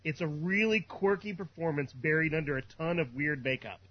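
A man's voice: a little high, lively intonation, fairly quick. A man co-hosting a podcast, skeptical and dry in casual chat. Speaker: podcast co-host. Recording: dull lo-fi audio, faint noise.

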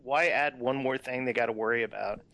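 A man with a bright, forceful voice, putting his views plainly during a casual podcast chat. His tone is crisp and his pitch sits in the middle. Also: brisk.

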